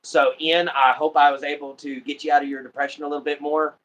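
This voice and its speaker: A man's voice: a little high, flat delivery, fast talker, a bit bright, rough recording. An American man hosting a casual livestream, chatting and laughing often as he greets viewers. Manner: laughs often, friendly sign-offs. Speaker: livestream host.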